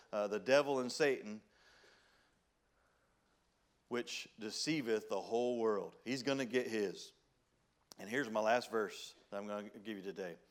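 A pastor with a Southern country accent and a mid-range voice preaches a folksy sermon, reading King James scripture in its old-style wording. He swings between loud emphasis and hushed pleading.

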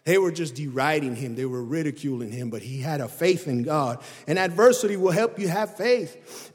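A man preaching a sermon with emphatic delivery, swinging his pitch and volume up and down. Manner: emphatic preaching that rises and drops in pitch and loudness. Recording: long hall reverb.

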